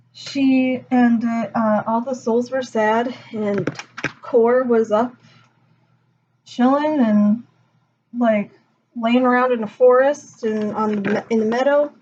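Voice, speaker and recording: A woman's voice: a little high, background noise. A young woman casually retelling a myth in a laid-back, slangy way, full of fillers. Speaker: storyteller. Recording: dull lo-fi recording.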